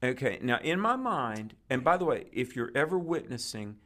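In a medium-pitched voice at an ordinary pace, a guest preacher shares a story as if chatting. His telling is animated, with each person's lines voiced out.

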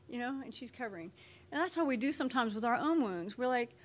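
A woman giving a conversational personal testimony in a chatty, folksy way, full of "you know" and "like", sometimes acting out quoted voices with lively energy. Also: a little high, brisk. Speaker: speaker sharing her faith testimony.

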